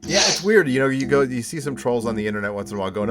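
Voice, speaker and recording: A man's voice: medium pitch, expressive, racing. Man, podcast host, chatty, lots of fillers, music behind the voice. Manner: chatty, explains at length with many fillers. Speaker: podcast host and video editor. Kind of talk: casual chat.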